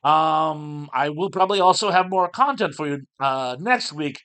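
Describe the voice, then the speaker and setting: A man's voice: fairly high pitch, animated, normal speed, a bit bright, clean tone. Rambling man recapping old comics. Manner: rambling, lots of fillers. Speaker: show host.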